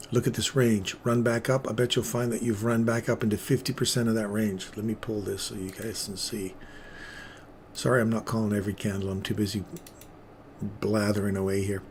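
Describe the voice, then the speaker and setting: A man's voice: on the low side, a little hiss or hum. Chatty male trading stream host. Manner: chatty, upbeat, addresses viewers by name. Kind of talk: live chart commentary.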